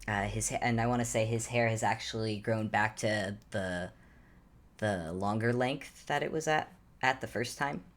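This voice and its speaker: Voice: medium pitch, normal speed. A player describing a character's actions in a tabletop game, searching for words and restarting phrases.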